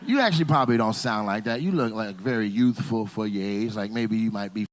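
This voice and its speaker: A man's voice: lowish voice, brisk, a little hiss or hum. A man doing stand-up crowd work in a comedy club, teasing the audience in a loose, profane way.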